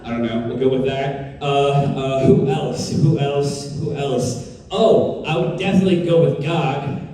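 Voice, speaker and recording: A man answering fan questions on a convention panel in a jokey, animated way, laughing often. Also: mid-range voice, a little slow. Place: large convention hall. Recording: echoey hall, distant mic, crowd and noise. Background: audience crowd.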